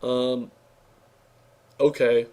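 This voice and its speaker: A man's voice: mid-range voice, level tone, extremely slow, dark tone. Young man with a tired, strained voice. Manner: offhand and sarcastic, with many fillers and restarts. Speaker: card game reviewer. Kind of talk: casual spoken review.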